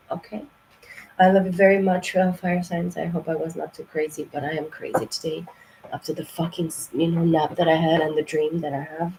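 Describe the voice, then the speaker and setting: A woman's voice: on the low side, fairly even intonation, moderate pace, darkish tone, rough recording. A woman talks through a tarot reading in a loose, casual way, full of fillers and restarts. She is blunt and swears freely as she drives her points home. Faint ambient noise sits behind her voice. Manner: blunt, profane and emphatic; rambling, with many fillers. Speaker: tarot reader.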